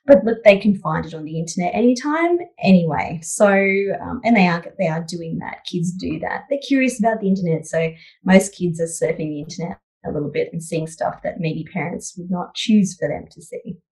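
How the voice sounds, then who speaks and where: A woman's voice: lowish voice, a little fast, a little mellow, rough recording. A woman psychologist answering interview questions in a thoughtful, conversational way, with many "you know" fillers. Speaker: psychologist guest.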